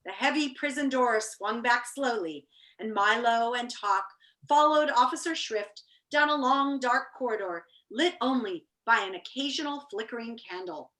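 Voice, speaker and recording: Woman, storybook reader, animated, teacherly, high bright voice. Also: normal speed, reverberant. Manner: animated, teacherly, chatty asides. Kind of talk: reading a children's book aloud to kids.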